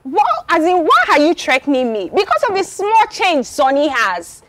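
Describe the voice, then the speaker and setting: A woman's voice: high-pitched, wildly swooping pitch, moderate pace, fairly bright tone, a little hiss or hum, heavily acted. An actress with a Nigerian accent playing a mocking young woman who taunts her rival. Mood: taunting.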